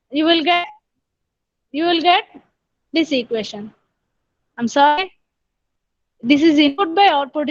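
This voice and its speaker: A woman's voice: very high voice, no room sound. A woman giving an online engineering lecture, explaining step by step and repeating herself with frequent "okay"s. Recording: dull, dry lo-fi recording.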